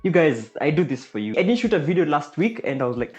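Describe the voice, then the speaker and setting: A woman hosting a playful cooking vlog, goofy and exaggerated, with sudden loud outbursts. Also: sits low, sing-song, quick pace, faint music behind. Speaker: cooking vlogger.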